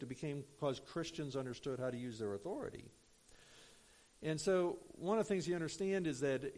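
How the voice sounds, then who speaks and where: A man's voice: medium pitch, darkish tone. A man preaching a sermon in a conversational, storytelling way, with frequent fillers and asides to the congregation. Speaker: pastor.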